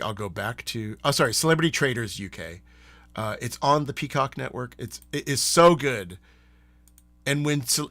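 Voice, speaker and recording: A man hosting a live stream, chatting casually in a rambling, animated way and laughing often. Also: mid-range voice, dry recording. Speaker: streamer and host.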